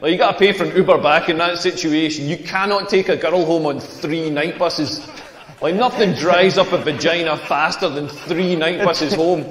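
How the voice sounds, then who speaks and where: A man's voice: on the high side, fairly even intonation, moderate pace, a little hiss or hum. A Scottish man in his forties from rural Scotland, performing a crude, mocking stand-up comedy set on a club stage. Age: 40s. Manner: brash, crude, mocking delivery. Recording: roomy club with long reverb.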